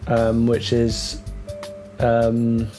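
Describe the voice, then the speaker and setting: A man teaching English vocabulary, talking through words with many ums and restarts and slowing down on the key terms. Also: medium pitch, monotone, music in the background. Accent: British English. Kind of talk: explaining vocabulary to learners.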